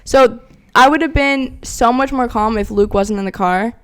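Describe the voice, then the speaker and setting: High-voiced animated young woman. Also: clear, resonant tone. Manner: animated, fast storytelling with many fillers. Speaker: podcast co-host. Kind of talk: casual chat, storytelling.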